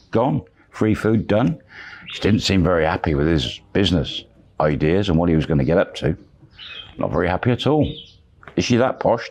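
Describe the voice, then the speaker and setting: A man's voice: low voice, a little mellow, slight background noise. A man casually telling a long story, rambling and repeating "he says" and "she says". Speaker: channel storyteller.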